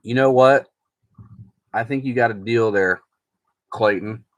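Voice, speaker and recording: A man of ordinary pitch talks loosely and chattily on a home live stream. He rambles from card to card and reads viewers' comments aloud as they come in. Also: a little slow. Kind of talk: casual live-stream chat.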